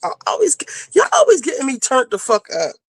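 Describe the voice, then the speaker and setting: A woman's voice: sits high, wildly swooping pitch, brisk, husky, dry recording. A woman panelist in casual chat, talking bluntly and rambling with plenty of swearing. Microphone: video call.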